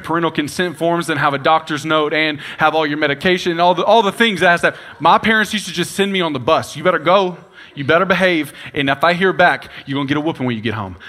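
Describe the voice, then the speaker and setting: Bright, animated young male pastor. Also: a little high. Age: 20s. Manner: animated, playful storytelling with quoted voices. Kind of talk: storytelling sermon.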